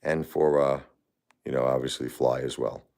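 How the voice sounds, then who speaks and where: Very deep-voiced grieving man. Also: steady tone, creaky, darkish tone. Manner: grieving, halting, repeats himself. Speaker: livestream host. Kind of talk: emotional livestream talk.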